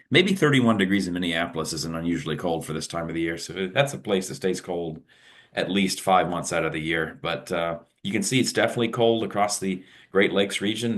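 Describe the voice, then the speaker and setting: A man with a very low voice runs through a casual weather forecast. His talk is loose and conversational, and he thinks aloud as he moves between maps.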